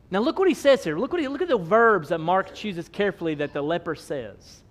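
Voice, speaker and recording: A pastor preaching a sermon, emphatic and repetitive, with rhetorical questions and a casual way of talking. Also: male voice, high voice, sing-song, fairly quick. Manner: casual, with filler likes.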